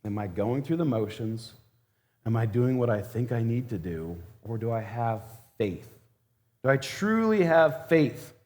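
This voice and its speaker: A male church elder delivering a sermon in a relaxed, conversational way. He is humorous and often acts out the scenes he describes. His voice sits at an everyday middle pitch. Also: a little slow.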